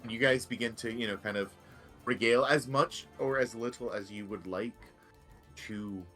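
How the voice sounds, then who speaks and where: A man's voice: mid-range voice, normal speed, pushed and bright, soft background music. A man narrating a tabletop game as game master, loose and rambling with many fillers.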